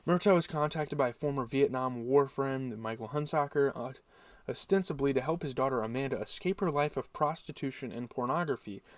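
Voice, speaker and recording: A man's voice: medium pitch, dry recording, far from the mic. A young man hosting a casual movie review, rambling and correcting himself as he thinks aloud.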